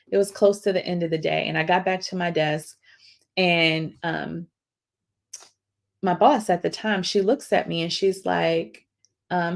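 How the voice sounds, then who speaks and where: Middle-aged woman, low-pitched, casual storyteller who acts out quotes and laughs easily. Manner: animated, acts out quoted voices, laughs often. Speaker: podcast host.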